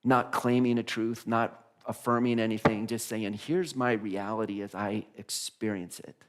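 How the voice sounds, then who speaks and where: A male minister giving a conversational sermon in a church, animated, often restarting phrases and laughing. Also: fairly low pitch, normal speed. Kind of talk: casual sermon. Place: church sanctuary.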